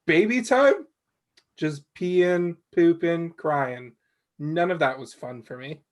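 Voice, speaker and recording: A man in his twenties with a somewhat high voice talks in an easygoing way. He is quick to laugh during a relaxed podcast conversation. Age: 20s.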